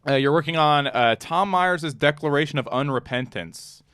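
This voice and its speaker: A man's voice: a little high, normal speed, a bit bright, clean tone, dry recording, studio quality. A man hosting a comedy podcast, interviewing a guest in a teasing, crude, jokey manner. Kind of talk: casual podcast chat.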